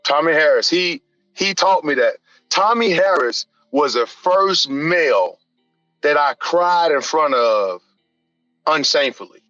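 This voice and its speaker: A man with a high, forceful, bright voice talks with fiery conviction, sometimes climbing almost to a shout. The sound is close and dry but a little dull, with faint music underneath. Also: expressive, measured pace, no room sound. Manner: passionate and emphatic, often rising to near-shouting like a preacher. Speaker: strength and conditioning coach, podcast guest. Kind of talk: candid podcast conversation.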